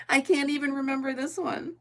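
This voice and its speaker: Chatty middle-aged woman, fairly high voice, casual crafting livestream host who laughs a lot. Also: steady tone, moderate pace. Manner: chatty, laughing often, thinking aloud. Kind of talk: casual chat while crafting.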